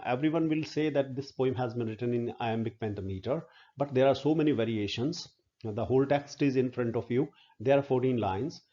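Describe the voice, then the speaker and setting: A male professor giving a classroom lecture on poetry, pausing often with "uh" and counting syllables aloud. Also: mid-range voice, mellow, muffled recording. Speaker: literature professor.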